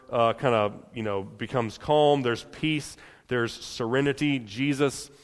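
A man preaching a sermon in a conversational way, often restarting and adding quick "right?" asides. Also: mid-range voice, long reverb tail. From United States. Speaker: pastor.

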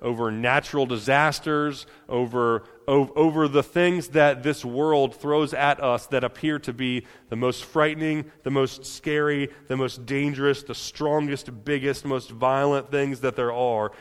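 A man preaching a sermon in a conversational way, often restarting and adding quick "right?" asides. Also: medium pitch, fairly even intonation, smooth, long reverb tail. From United States. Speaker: pastor.

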